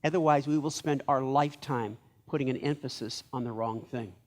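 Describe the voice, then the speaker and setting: This fairly quick, medium-pitched man is a church pastor preaching a sermon. His storytelling is lively, and he performs the lines of each person in the tales.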